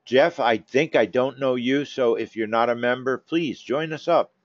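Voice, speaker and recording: Animated man coaching his trading room. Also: mid-range voice, moderate pace, no echo. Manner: animated, coaxing, teasing members by name. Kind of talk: live chat with trading room members. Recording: dull, dry lo-fi stream audio.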